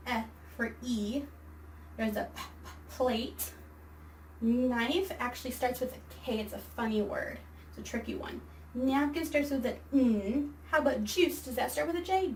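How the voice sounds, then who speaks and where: High-voiced woman teaching kindergarten. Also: darkish tone, recorded from a distance, a little hiss or hum, low-quality recording. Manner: slow, exaggerated word-by-word reading for children. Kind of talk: virtual read-aloud and phonics lesson. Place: home or classroom, recording a video lesson.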